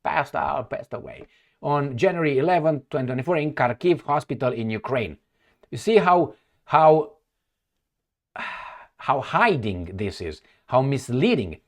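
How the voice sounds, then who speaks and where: A man reacting to news articles on camera, indignant and emphatic, swinging between loud outbursts and low mutters. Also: lively intonation, a little slow. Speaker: political commentator.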